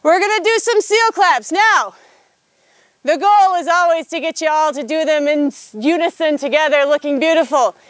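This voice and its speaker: High-voiced woman leading a boot camp outdoors. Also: normal speed, dry recording. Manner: energetic, counts reps aloud, gives commands. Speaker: fitness instructor. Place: outdoors on a hilltop.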